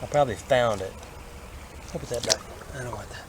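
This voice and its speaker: A man, chatting excitedly to himself and his viewers as he searches a creek outdoors. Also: medium pitch, fairly quick. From Alabama. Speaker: vlogger. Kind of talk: casual outdoor narration. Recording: outdoor recording with clear background noise.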